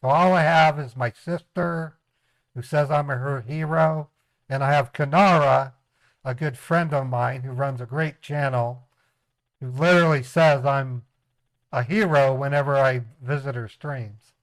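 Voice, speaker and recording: A man's voice: medium pitch, steady tone, a little slow, no echo. A man hosting a casual livestream. He chats, laughs often and slips into voices. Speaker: streamer, scam baiter.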